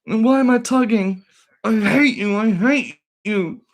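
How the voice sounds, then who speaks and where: A man voicing a whiny, self-pitying male hater in a high, moaning put-on voice. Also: unhurried. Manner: high whining, moaning and sighing.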